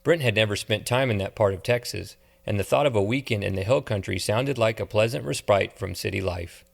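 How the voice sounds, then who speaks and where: A man giving steady, measured audiobook narration. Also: fairly low pitch, vocal fry. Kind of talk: scripted narration.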